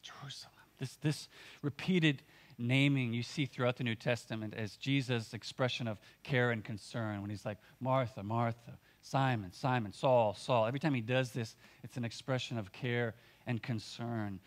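A man's voice: mid-range voice, steady tone, normal speed. A man preaching a sermon as pastor, earnest and conversational, often using filler words and restarting his sentences.

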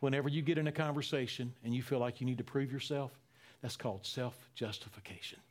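A man preaching a sermon, repeating phrases for emphasis and swinging between loud, emphatic lines and hushed near-whispers. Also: medium pitch, fairly even intonation, quick pace. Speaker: pastor.

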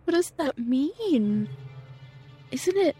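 A woman's voice: sits high, sing-song, extremely slow, dark tone, faint music behind. A woman chatting as a player in a tabletop game, musing in a puzzled way. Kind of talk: casual chat in a tabletop game.

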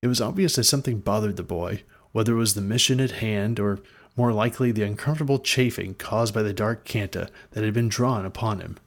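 A man's voice: on the low side, fairly quick. A man reading a fantasy story aloud in a dry, wry storytelling manner. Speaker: narrator. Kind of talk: scripted fantasy narration.

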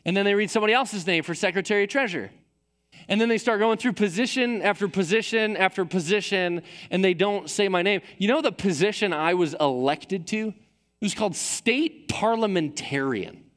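Storytelling pastor in an echoing church hall. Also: male voice, high voice, a little fast, a bit bright. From Michigan. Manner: storytelling, self-deprecating humor. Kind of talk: sermon. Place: large church auditorium. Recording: long reverb of a church hall.

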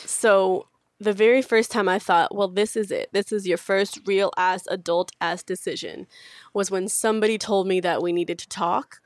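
A woman's voice: medium pitch, steady tone, normal speed, no room sound, clean studio sound. A woman co-hosting a podcast, chatting casually with wry, teasing remarks. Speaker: podcast co-host. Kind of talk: casual chat.

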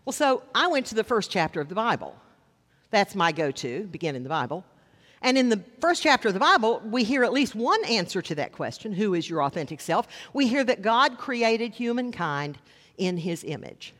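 A man preaching a sermon as a pastor, conversational with wry asides, slowing down to stress key lines. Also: high voice, sing-song, fairly bright tone. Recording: long reverb of a large hall.

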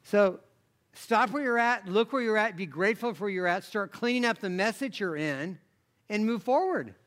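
A man's voice: sits high, lively intonation, normal speed, fairly bright tone. A man preaching a conversational sermon, rambling through asides and jokes, then rising into emphatic bursts. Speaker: pastor.

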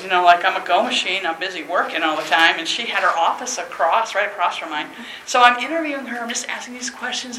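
A woman leading a teacher workshop, talking in an energetic, chatty way and laughing often. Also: mid-range voice. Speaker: teacher trainer. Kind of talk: workshop presentation. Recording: echoey room with noise.

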